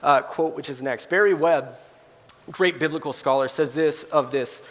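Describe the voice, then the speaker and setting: A man pastor preaching a sermon in a church sanctuary, animated and acting out quoted voices. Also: fairly high pitch, normal speed, big-room sound.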